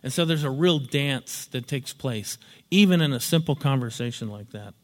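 A male teacher with a medium-pitched, animated voice lectures at a moderate pace, explaining through stories and acted-out examples. The recording has a long hall reverb.

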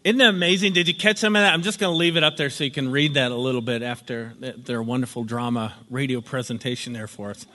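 A man's voice: mid-range voice, fast, hardly any pauses, sharp tone, long reverb tail. A man giving a casual workshop lecture in a sunlit room, talking conversationally and often saying "you know". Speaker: workshop instructor.

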